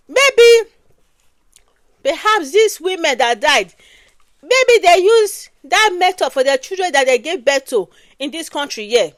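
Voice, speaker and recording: A woman with a Nigerian accent talks in a high voice, emphatic and repetitive, often tagging her lines with "oh". The sound is dry and close, with no room around it. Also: dry recording. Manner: emphatic, repeats phrases and ends with "oh". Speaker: commentator. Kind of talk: casual commentary.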